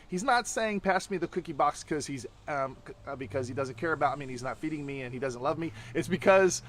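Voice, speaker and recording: A man's voice: on the high side, lively intonation, quick pace, few pauses, fairly bright tone, slight background noise. A man, a tantra teacher, explaining ideas in casual chat and acting out quoted lines with animation.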